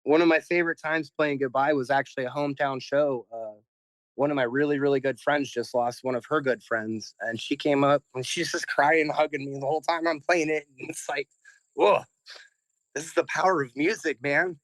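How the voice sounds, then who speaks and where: A man's voice: mid-range voice, steady tone, brisk, dry recording, poor audio. A man who is a guest musician, talking in a heartfelt, emotional way in a casual interview, often repeating words.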